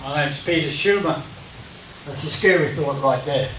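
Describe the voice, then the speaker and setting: A crowd can be heard behind this Australian man, whose voice is a little high and moves at normal speed. He's a guest speaker at a church gathering, chatting and joking through a personal talk, recorded distantly in an echoey room with slight hiss.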